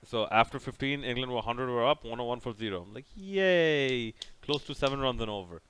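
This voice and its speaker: A man's voice: medium pitch, quick pace, a bit bright, smooth, no echo. A young man casually recapping a cricket match over by over, rambling and sarcastic, with many restarts. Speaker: cricket reviewer.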